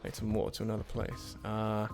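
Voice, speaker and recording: A man's voice: fairly low pitch, completely flat delivery, brisk, creaky, a little mellow. A man doing casual gameplay commentary on a puzzle game, muttering to himself as he works things out, with self-deprecating asides and sudden frustrated outbursts.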